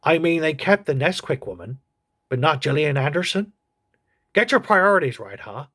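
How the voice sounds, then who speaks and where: A man's voice: on the high side, very animated, normal speed, a bit bright. A man playing a crude gossipy old politician. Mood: snarky. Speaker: comedy reviewer. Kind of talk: comedic TV review.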